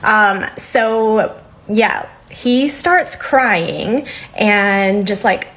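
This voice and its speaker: A woman's voice: mid-range voice, very slow, fairly bright tone, rough recording. A young adult woman telling a story to her phone camera in a chatty, rambling way. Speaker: storyteller recounting a date.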